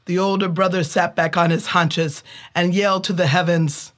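A woman telling a folk tale in a measured way, with dramatic pauses. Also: lowish voice, fairly even intonation. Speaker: storyteller. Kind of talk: oral storytelling.

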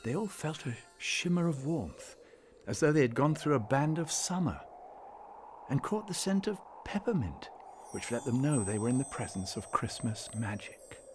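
A man reading a storybook aloud in scripted narration, measured and gently expressive. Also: medium pitch, music in the background.

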